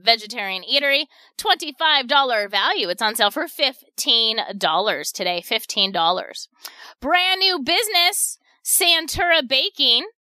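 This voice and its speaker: Bright, high-voiced woman radio pitch host. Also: no echo. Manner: chatty, repeats prices, upbeat pitchman patter. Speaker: radio shopping show host.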